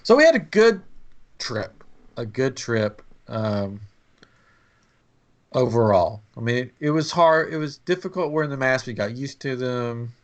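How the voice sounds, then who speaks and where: In his thirties, a man co-hosts a podcast and tells a rambling, chatty story about a family vacation. His mid-range voice has lively intonation and a slightly slow pace.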